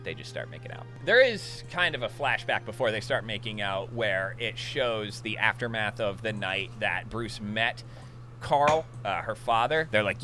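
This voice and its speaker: A man's voice: lowish voice, lively intonation, normal speed, over music. A young man co-hosting a casual movie review chat, animatedly recapping scenes and tossing in playful voice impressions. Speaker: podcast co-host.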